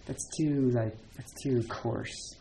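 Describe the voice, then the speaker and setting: A man's voice: mid-range voice, fairly even intonation, slow, creaky, dark tone, slight background noise. A man giving a dharma talk as a Zen teacher, casual and chatty, with many fillers and laughs between points.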